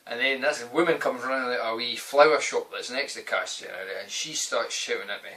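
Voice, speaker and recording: A young Scottish man rambles through a story with plenty of swearing and a loose, chatty delivery. His voice is bright and forward. He sits back from the microphone, so the sound is a little distant. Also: medium pitch, fairly quick. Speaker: vlogger. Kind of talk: casual storytelling to camera.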